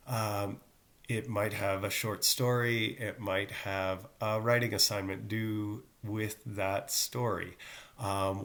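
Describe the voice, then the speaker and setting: A middle-aged male teacher talking casually to his students, with joking asides. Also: fairly low pitch. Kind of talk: casual recorded class talk.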